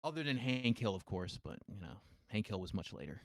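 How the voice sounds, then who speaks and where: A man's voice: fairly low pitch, sing-song, brisk, no room sound, studio quality. Laid-back man from the American South. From Southern United States. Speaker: podcast co-host. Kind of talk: casual chat.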